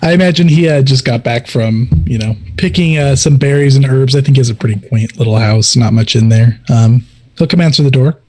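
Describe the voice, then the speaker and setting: Mellow-voiced man playing a tabletop game. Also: medium pitch, a little fast. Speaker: player.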